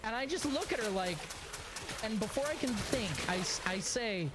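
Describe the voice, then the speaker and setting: A man streaming a game, telling a story in a sarcastic, animated way and often chuckling as he plays. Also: sits high, moderate pace, noisy background. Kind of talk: casual gameplay commentary and storytelling.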